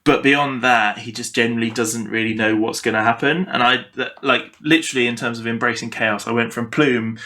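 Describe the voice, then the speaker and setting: A man's voice: medium pitch, fairly even intonation, brisk, few pauses, bright, forceful tone. A man chatting animatedly about his tabletop game characters, swearing casually, on a video call. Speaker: podcast guest.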